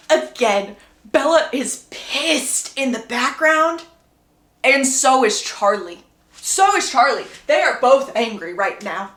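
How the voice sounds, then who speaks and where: A young woman tells a story in a lively, sassy, gossipy way, her voice swooping high and low. Her tone is bright and sharp. The room gives her voice a noticeable echo. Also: slow pace. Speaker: book recap creator. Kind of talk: casual storytelling recap. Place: indoor room. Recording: roomy echo.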